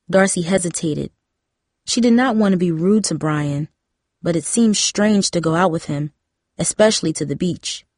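A woman narrates a story in measured, steady prose reading. Her voice sits on the low side, and the recording is close and dry, with no room sound. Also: no room sound. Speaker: audiobook narrator. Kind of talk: scripted narration.

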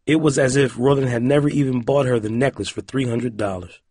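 A man reading a young-adult novel aloud with expressive narration. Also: mid-range voice, brisk, no room sound, studio quality. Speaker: audiobook narrator. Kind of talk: scripted narration.

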